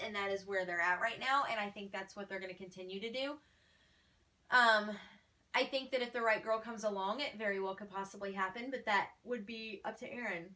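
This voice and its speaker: A woman's voice: mid-range voice, bright, forceful tone, recorded from a distance. A woman fan page admin answering fan questions in a casual vlog, blunt, feisty and exasperated.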